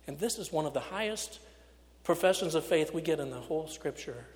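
A male pastor preaching a sermon, retelling a story with dramatic swings between loud and hushed delivery. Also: a little high, lively intonation, fairly quick. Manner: dramatic retelling, acting out quotes with big swings in loudness. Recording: long hall reverb.

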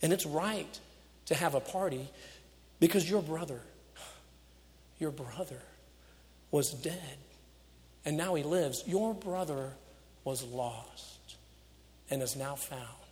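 A man preaching, acting out a generous father who speaks gently and tenderly to his sons. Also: a little high, steady tone, slow. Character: joyful, generous old father. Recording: echoey hall.

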